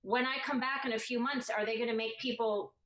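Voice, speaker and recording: A woman's voice: a little high, fairly even intonation, brisk, fairly bright tone. A woman comedian thinking aloud hesitantly on a video call. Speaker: comedian panelist. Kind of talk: casual comedy roundtable chat. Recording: roomy video call audio.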